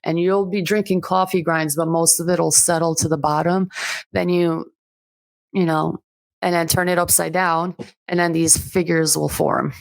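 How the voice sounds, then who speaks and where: A woman's voice: on the low side, level tone, moderate pace, gravelly, dry recording. A woman of Albanian background, a podcast guest chatting casually and bluntly, swearing often and acting out what others say. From Albanian family background. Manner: blunt, profane, acts out quotes.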